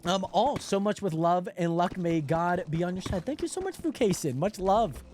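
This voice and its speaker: A young man live-streaming a game, chatting excitably to his viewers and greeting them by name, with lots of "like" and "hold on". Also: high voice, moderate pace, a little hiss or hum. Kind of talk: casual livestream chat while gaming.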